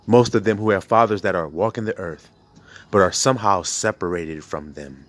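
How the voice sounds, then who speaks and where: A deep-voiced man preaches at normal speed to a congregation, full of passion. Bluntly and profanely, he throws rhetorical question after rhetorical question at his audience.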